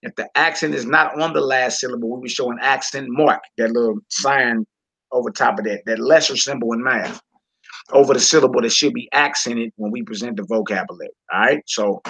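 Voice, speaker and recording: A man gives a casual homeschool Hebrew lesson, slowly stretching out each word and repeating it for his students. His mid-range voice is husky and a bit bright, with vocal fry.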